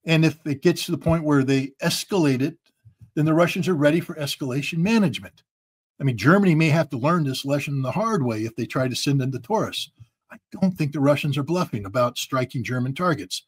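A man's voice: on the high side, expressive, brisk, husky. A man from the United States giving emphatic, blunt political commentary as a guest.

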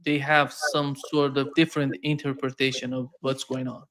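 A man hosting an interview, asking questions in an unhurried way. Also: medium pitch, level tone, a bit bright. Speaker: host.

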